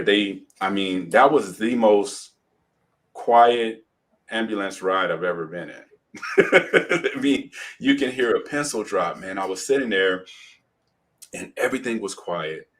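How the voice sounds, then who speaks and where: Low-voiced man telling a vivid story. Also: a bit bright. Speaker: guest. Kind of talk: personal storytelling in an interview.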